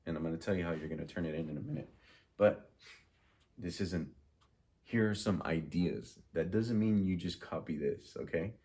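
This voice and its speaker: A man with a low, darkish voice leads a music lesson, patiently drilling rhythms and posing questions. He speaks slowly and repeats words as he drills them.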